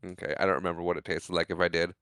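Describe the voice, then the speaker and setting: A man co-hosting a podcast, casually recapping a movie scene by scene and acting out lines in quick quoted voices, laughing often. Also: low voice, level tone, fairly bright tone, clear, resonant tone, dry recording. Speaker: podcast co-host.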